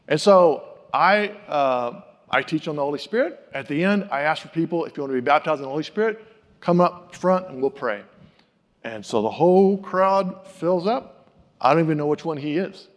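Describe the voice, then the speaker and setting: A man delivering a sermon in a lively storytelling style, acting out the people he quotes. His voice sits a bit high for a man. The sound carries a long reverb from a large hall. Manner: animated, acts out quoted voices. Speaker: pastor.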